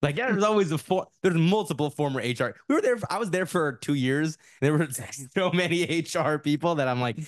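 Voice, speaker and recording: A man's voice: fairly high pitch, expressive, brisk, hardly any pauses, dry recording, clean studio sound. A man as a podcast guest, chatting casually in a laid-back, rambling way full of "like".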